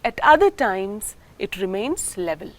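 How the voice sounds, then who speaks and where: A woman lecturer with an Indian English accent, explaining step by step in a slow, deliberate recorded lesson. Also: medium pitch, very animated, a little hiss or hum.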